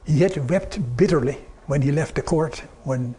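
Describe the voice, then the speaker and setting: Older man preaching, mellow voice. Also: moderate pace, breathy edge. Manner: earnest storytelling, quoting God and people in softer lower tones. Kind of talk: sermon with personal stories.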